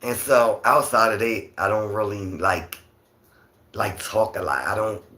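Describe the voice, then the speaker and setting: A man with a raspy, fairly low voice hosts a laid-back livestream, talking just above a whisper. He rambles along with lots of fillers. The sound has a noticeable roomy echo. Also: unhurried. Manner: talks softly, near a whisper; rambling, chatty, with many fillers. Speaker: livestream host. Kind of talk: casual livestream chat.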